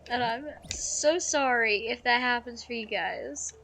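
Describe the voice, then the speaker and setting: A woman streaming a video game live, chatting casually in a soft, emotional way with many fillers. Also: a little high, unhurried, slight background noise. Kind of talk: casual live gameplay commentary.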